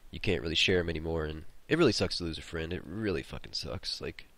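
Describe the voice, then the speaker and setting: A man's voice: a bass voice, animated, fast, vocal fry, a bit bright, no echo. A man hosting a gaming video, telling a long story in a casual, rambling way while he plays, swearing freely. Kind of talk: casual storytelling over gameplay.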